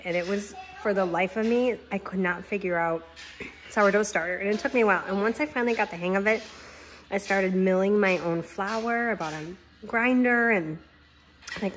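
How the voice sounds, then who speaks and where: A woman's voice: medium pitch, a little hiss or hum. A woman talking through her baking in a chatty, gushing kitchen vlog. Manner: chatty and gushing, with many fillers. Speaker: home cooking vlogger.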